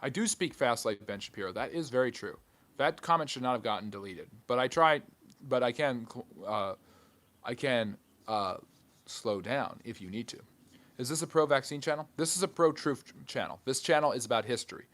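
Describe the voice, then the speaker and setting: A man hosting a live history stream, reading chat questions aloud and answering with quick, dry jokes. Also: medium pitch, animated, a bit bright.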